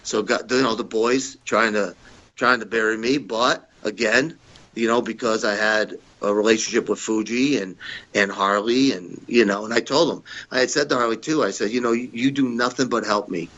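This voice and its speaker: A man who is a guest on a podcast, telling stories in a lively way and acting out the other people's lines. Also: on the low side, moderate pace, lo-fi sound. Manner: animated storyteller who acts out the quoted voices. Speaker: podcast guest, retired wrestler. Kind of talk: storytelling in an interview.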